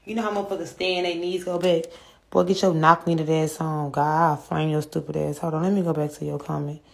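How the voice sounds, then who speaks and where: A woman's voice: low voice, steady tone, quick pace, gravelly, darkish tone, reverberant, recorded from a distance. A young woman chatting casually on a livestream, brashly roasting commenters with heavy profanity. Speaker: livestream host. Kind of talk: casual livestream chat with viewers.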